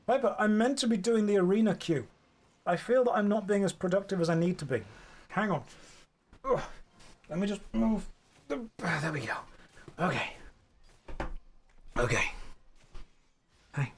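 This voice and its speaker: A man's voice: on the high side, expressive, normal speed, pauses often. A young man streaming, rambling casually and slipping into playful baby talk with his dogs. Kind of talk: casual live-stream chat.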